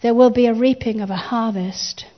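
A woman's voice: a little high, fairly even intonation, moderate pace, dull audio. A woman pastor preaching a sermon, building emphasis with repeated phrases and calling on the congregation to respond.

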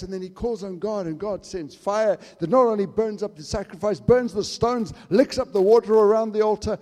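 A male preacher with a high yet mellow voice delivers a sermon, pressing his points hard and then dropping to a hush. His words ring out with a long reverberant tail, as though he is speaking in a church hall. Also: a little fast. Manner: emphatic, swinging from loud to hushed.

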